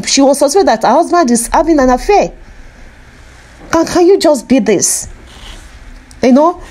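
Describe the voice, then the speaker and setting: A woman's voice: high voice, animated, normal speed, long pauses, darkish tone. A woman talking to her viewers in an emotional vlog, earnest and pleading, repeating herself often. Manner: emotional, sorrowful. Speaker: vlogger.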